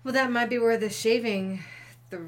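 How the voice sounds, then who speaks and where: A woman's voice: a little high, fairly even intonation, normal speed. A woman co-hosting a casual podcast chat, reacting with dry, teasing quips. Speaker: podcast co-host.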